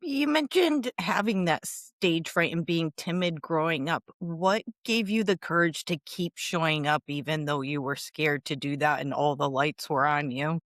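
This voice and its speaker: A woman hosting a podcast, asking measured, curious interview questions. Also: sits low, a bit bright, no room sound, studio quality. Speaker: podcast host.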